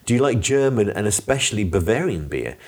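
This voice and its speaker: Chatty husky male podcast co-host. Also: on the low side, very animated, fairly quick, darkish tone. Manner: chatty, giggly, reads listener letters aloud. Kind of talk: casual chat.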